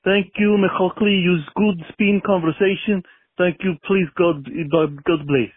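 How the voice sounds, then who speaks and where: A man doing an over-the-top fake accent in broken English fills a voicemail. The voice sits high and husky. It is squeezed through a thin, tinny phone line with no room around it. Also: fairly even intonation, unhurried, dry recording. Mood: earnest. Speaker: voicemail caller.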